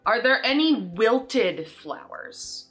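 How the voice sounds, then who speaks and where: A woman's voice: a little high, sing-song, slow pace, a bit bright, faint music behind. A woman player in a tabletop game, matter-of-fact and inquisitive.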